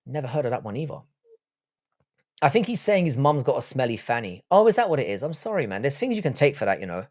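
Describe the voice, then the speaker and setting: Very animated and quick-paced, a livestream host from Ireland with a British accent reads viewer comments in a casual, blunt way, swearing freely. His voice is mid-range and a little mellow, and the recording is dry with clean studio sound.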